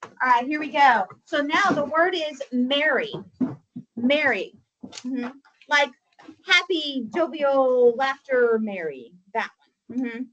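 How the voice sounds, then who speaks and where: A woman's voice: high voice, animated, slow, fairly bright tone, dull audio, slight background noise. A woman teacher leading a spelling lesson in a classroom, patient and coaxing, often saying mm-hmm.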